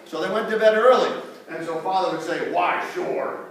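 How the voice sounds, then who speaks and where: A man telling a story to a school assembly, playful and lively, putting on voices for the characters and having the children repeat lines. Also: high voice, moderate pace, background noise. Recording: echoey hall from far off, children's crowd.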